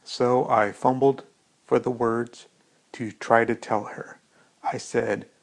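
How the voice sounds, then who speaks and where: A man with a gravelly voice reading a first-person story in a slow, reflective way. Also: medium pitch, flat delivery.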